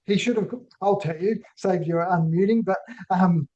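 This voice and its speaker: A man's voice: sits high, moderate pace, a little mellow. A man presenting a business webinar. He talks in a conversational way and keeps checking in with "right?". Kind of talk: business webinar talk with personal story. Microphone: online call microphone. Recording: dull lo-fi webinar audio.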